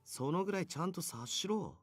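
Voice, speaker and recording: An actor playing a blunt, gruff young male investigation partner in a voiced visual novel, with coarse, brusque speech. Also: high voice, lively intonation, very fast, soft background music. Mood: gruff teasing. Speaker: game character.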